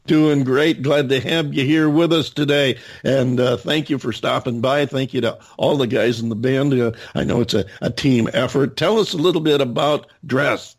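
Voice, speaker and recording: A male podcast host with a husky, slightly breathy voice at a middle pitch. He runs a casual interview, stumbling through fillers and restarting his sentences as he goes. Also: moderate pace, hardly any pauses. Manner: hesitant, many fillers and restarts.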